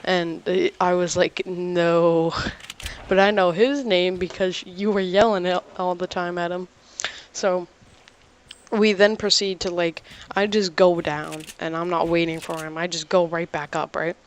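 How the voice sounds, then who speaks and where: A teenage boy casually telling a story about his day, rambling with halting restarts and lots of "like". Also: high-pitched, little pitch movement, a little hiss or hum. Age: teens.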